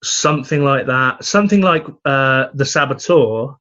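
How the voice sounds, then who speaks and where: A young man co-hosting a podcast, talking in a laid-back, halting way with dry humor. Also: medium pitch, expressive, pushed and bright. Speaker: podcast co-host. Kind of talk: casual chat. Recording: slightly dull, muffled sound.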